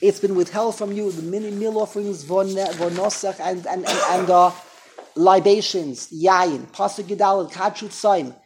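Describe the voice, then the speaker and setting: A man's voice: sits high, fairly even intonation, moderate pace, background noise. A man teaching an informal Torah class, chatty and digressive, making fun of himself. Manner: digressive, chatty, self-deprecating.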